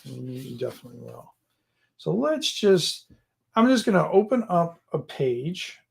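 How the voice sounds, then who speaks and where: A man hosting a live stream about writing a tabletop adventure, chatting casually at home. His voice is fairly high and gravelly, and he rambles as he thinks aloud and ribs his viewers. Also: big pitch swings, unhurried. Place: home room with gear and books behind him.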